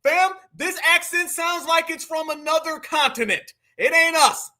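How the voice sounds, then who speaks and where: A man's voice: very high voice, a little slow, bright, forceful tone, a little hiss or hum. A man hosting a live stream, reacting to clips with slangy, mocking commentary and talking straight to his chat. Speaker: livestream political commentator.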